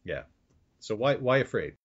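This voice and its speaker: A man's voice: on the low side, sing-song, brisk, breathy edge. A man hosting a podcast, chatting casually and joking and teasing his guest. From Canada. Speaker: podcast host. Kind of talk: casual chat. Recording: dull lo-fi audio.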